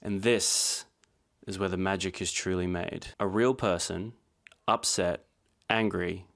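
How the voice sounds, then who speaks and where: A dry-humored man narrating commentary with a lowish voice. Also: fairly even intonation, a little slow, creaky, fairly bright tone. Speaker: video essay creator.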